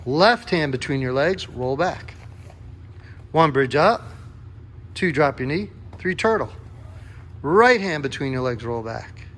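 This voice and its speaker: A man's voice: on the high side, expressive, slow pace, long pauses, fairly bright tone, slight background noise. A man coaching a kids' jiu-jitsu class, calling out counts and encouraging a young helper. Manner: upbeat, encouraging, calls out counts.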